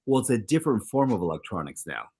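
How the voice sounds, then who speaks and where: Animated middle-aged male talk show co-host. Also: quick pace, breathy edge. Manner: animated, acts out quoted exchanges with big pitch swings. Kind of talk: casual talk show chat.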